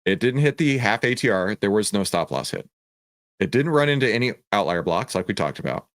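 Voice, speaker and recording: Lively low-voiced man teaching trading. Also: a little fast, no echo, studio quality. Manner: emphatic and preachy, with rhetorical questions and repeated phrases. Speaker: trading educator and host. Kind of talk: energetic stock-chart walkthrough.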